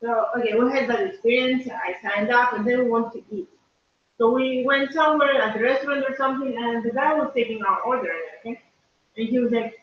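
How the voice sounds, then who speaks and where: A woman's voice: fairly even intonation, fairly quick, a little hiss or hum. A young woman, chatting playfully and telling a story with a laugh in her voice. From Greece. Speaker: vlogger's girlfriend. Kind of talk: casual chat. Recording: distant, very roomy, dull low-fi sound.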